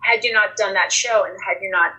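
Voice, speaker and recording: Woman guest on a podcast, super bright voice, earnest and animated, acts out the conversations. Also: medium pitch, brisk, rough recording. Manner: earnest, animated retelling with quoted dialogue. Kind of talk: conversational storytelling.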